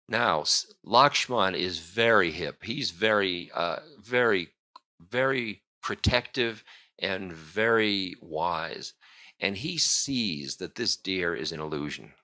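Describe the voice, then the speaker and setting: A man's voice: on the low side, sharp tone. A man, a spiritual teacher, telling an old story in a casual, humorous lecture with frequent chuckles.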